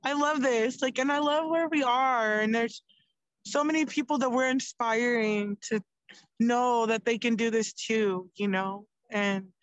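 Young woman podcast guest, chatty and animated, higher voice. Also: measured pace, no echo, poor audio. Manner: animated, lots of "like", swears freely. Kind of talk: casual chat.

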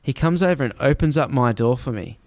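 A man telling a travel story in casual chat, animated and swearing, acting out other people's voices. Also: medium pitch, fairly quick, no room sound.

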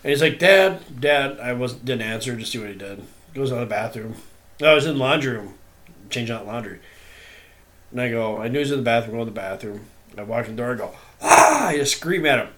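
A man of ordinary pitch hosts a podcast. He reads stories aloud in a loose, chatty way. He gets animated and acts out the scary moments. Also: fast. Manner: animated storyteller, acts out screams. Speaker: podcast host. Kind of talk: casual chat, reading stories aloud.

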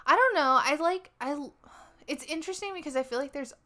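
A woman's voice: sits high, fairly quick, sharp tone. A woman in her thirties co-hosting a podcast, chatting casually and gushing with frequent giggles. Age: 30s. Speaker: podcast co-host. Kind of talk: casual chat.

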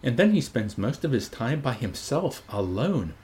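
A man's voice: mid-range voice, sing-song, moderate pace, dark tone, close to an everyday voice. A man reading an audiobook voices a prim, conventional young woman in an earnest tone, close to his own voice.

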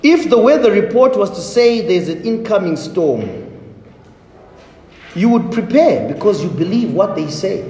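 Man, high lively voice, slow emphatic sermon, echoey church hall. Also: slight background noise. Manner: emphatic, repetitive preaching with rising declarations. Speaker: pastor. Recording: echoey hall, faint ambience.

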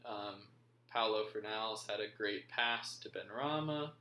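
A man's voice: lowish voice, unhurried, pushed and bright. A man hosting a casual football recap, rambling with frequent ums. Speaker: podcast host. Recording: roomy echo.

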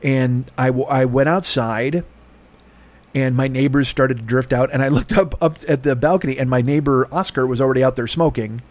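A middle-aged man rambles through a story with dry sarcasm and constant swearing. He talks at an ordinary middle pitch, in casual monologue style. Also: moderate pace, darkish tone. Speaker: podcast host.

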